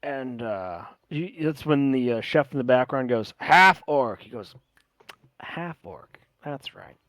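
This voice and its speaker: A man voicing a polite male drow fight promoter with smooth salesman patter. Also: medium pitch, moderate pace, darkish tone, no echo, natural voice. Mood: businesslike.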